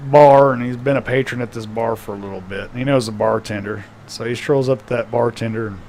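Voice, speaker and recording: A man's voice: medium pitch, darkish tone, a little hiss or hum. Laid-back man telling a bar joke. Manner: laid-back, drawn-out storytelling with pauses. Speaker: live-stream co-host. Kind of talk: casual joke-telling on a game stream.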